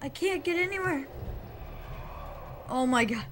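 A woman playing a horror game, excitable, yelping and shrieking, with nervous laughter. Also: high voice, a little slow, slight background noise. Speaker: gaming video host.

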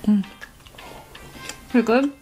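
A woman's voice: fairly high pitch, slow pace, mellow, low-quality recording. A woman hosting a casual eating vlog, chatty and full of fillers as she talks between bites. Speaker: mukbang vlogger. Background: music.

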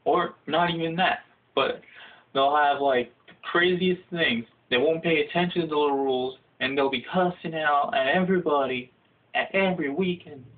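A young man telling a comedic, profane story in a casual ranting way, jumping into high shouted voices for the people he quotes. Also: normal speed. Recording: phone-like lo-fi audio.

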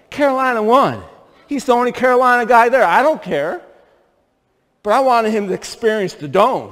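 In a church sanctuary, a middle-aged pastor from upstate New York preaches in a high voice that jumps across its whole range. He tells lively stories and keeps putting rhetorical questions to the congregation, his words echoing with the long reverb of the hall.

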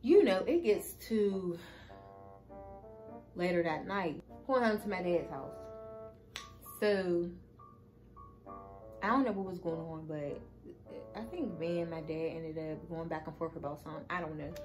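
A woman's voice: on the low side, measured pace, long pauses, darkish tone, soft background music, low-quality recording. A woman telling a casual storytime to her viewers, chatty and swearing freely as she talks to them. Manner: chatty, cursing freely, addresses viewers as y'all. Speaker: vlogger.

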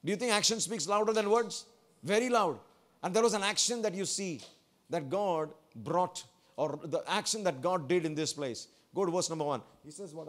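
A man's voice: high voice, normal speed, a bit bright. A man, a pastor, preaching a sermon to his church, asking the congregation questions and repeating phrases for emphasis.

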